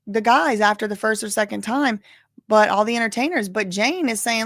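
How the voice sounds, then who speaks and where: A woman's voice: on the high side, moderate pace, fairly bright tone, no echo. Chatty woman giving her opinions. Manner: chatty, opinionated, says "like" and "y'all" often. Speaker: live-stream commentator. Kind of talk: casual commentary on trial testimony.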